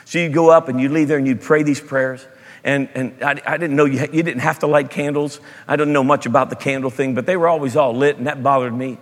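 A pastor preaching a sermon with storytelling, animated, jumping between loud emphasis and quiet asides. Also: male voice, medium pitch, fast talker, in a large hall.

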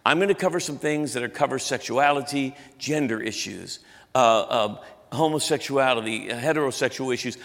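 A man's voice: medium pitch, moderate pace, creaky, fairly bright tone, long reverb tail. A man in his fifties preaching a sermon as pastor, in a loose, chatty way, often restarting his sentences. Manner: conversational, self-interrupting, frequent restarts.

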